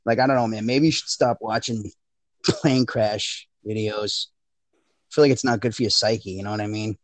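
A man co-hosting a casual chat, joking and swearing in an animated way. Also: fairly low pitch, normal speed, no room sound, poor audio.

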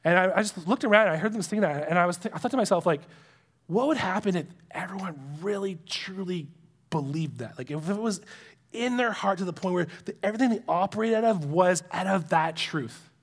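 A man preaches a sermon. His delivery is chatty and earnest, and he often sinks to a hushed near whisper to drive a point home. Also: high-pitched, a little fast. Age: adult with young children. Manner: conversational and earnest, drops to a hush for emphasis. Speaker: pastor.

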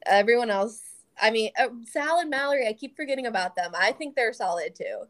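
A woman's voice: a little high, animated, fairly quick, fairly bright tone. Playful young woman in casual chat.

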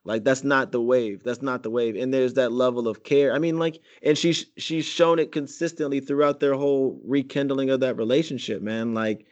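A man's voice: medium pitch, steady tone, a little mellow. Slangy man hyping up a TV moment. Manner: emphatic, slangy, quick agreeing interjections. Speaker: podcast co-host. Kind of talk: casual chat recapping a TV episode.

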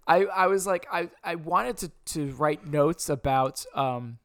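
A man co-hosts a film review podcast in easy, casual chat. His voice sits a touch high, and he talks in a loose, amused way. The recording is dry and close, with little room sound. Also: measured pace, fairly bright tone, no room sound. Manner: loose, amused, trails off into laughs. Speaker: podcast co-host.

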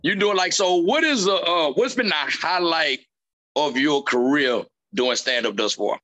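A man's voice: a little high, animated, measured pace, sharp tone, highs cut off. A man, hosting a casual chat and retelling family stories, acting out his dad's lines. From southern United States. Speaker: podcast host.

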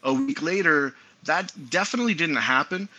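A man's voice: on the high side, sing-song, bright, forceful tone, highs cut off. A man guesting on a casual interview, laid-back and slangy, swearing freely and throwing in "dude". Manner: self-described enthusiast, talks with quick asides. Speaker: guest, cigar company owner.

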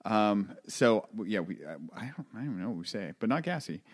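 A man's voice: fairly low pitch, animated, quick pace, no echo, studio quality. A man who is a podcast guest, chatting casually and telling funny stories about being a father. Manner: chatty storyteller, frequent restarts and laughs. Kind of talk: casual chat.

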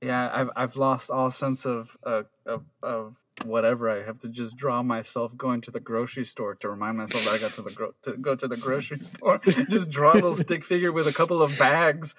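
A man's voice: mid-range voice, steady tone, a little fast, few pauses, fairly bright tone. Rambling young man co-hosting a podcast. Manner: rambling, loose, lots of "like" and "man". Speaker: podcast co-host. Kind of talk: casual chat.

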